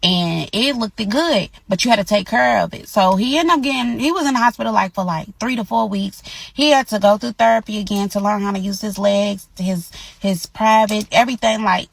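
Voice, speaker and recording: A woman, telling a personal story in a casual, animated, emphatic way. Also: medium pitch, brisk, vocal fry, no echo. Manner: animated, emphatic retelling with colloquial speech.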